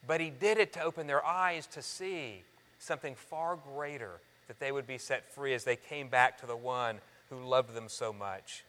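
A man preaching a sermon, earnest, calling his listeners friends and shifting from loud emphasis to soft, hushed lines. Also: medium pitch, moderate pace. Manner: addresses the congregation as friends. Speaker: pastor. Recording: long reverb of a large hall.

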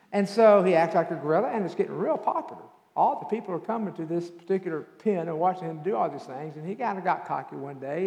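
A male pastor preaching a sermon and telling stories, building to loud emphasis at times. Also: high voice. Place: church sanctuary. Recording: echoey church hall with long reverb.

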